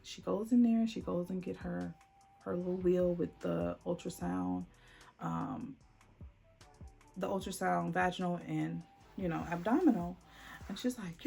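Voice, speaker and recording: Brief: woman vlogger, gravelly voice, animated storytime, faint music behind. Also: on the low side, normal speed. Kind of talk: emotional storytime vlog.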